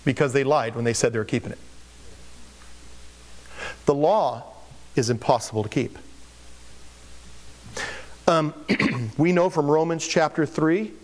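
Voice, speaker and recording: Male pastor, fairly high voice, casual, joking delivery in a sermon. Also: darkish tone. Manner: conversational, joking preaching.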